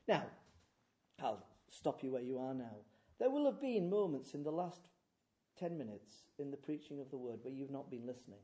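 A man preaching a sermon. He swings from hushed, near-whispered lines to loud, emphatic declamation. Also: medium pitch, animated, normal speed.

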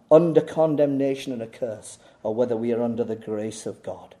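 A man preaching a sermon, emphatic and insistent, repeating key words and putting rhetorical questions to the congregation, moving between raised urgency and quiet asides. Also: mid-range voice, moderate pace, few pauses.

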